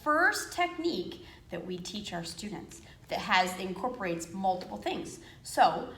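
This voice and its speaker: A woman's voice: medium pitch, sing-song, a little slow, a bit bright, reverberant. A woman karate instructor patiently teaching a child, with lots of encouraging praise. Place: martial arts dojo.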